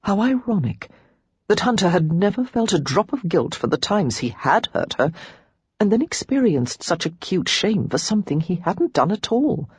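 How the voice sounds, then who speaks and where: Husky woman narrating a romance novel. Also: very animated, normal speed, a little mellow, dry recording. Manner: gives the characters their own pitch and tone. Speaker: audiobook narrator.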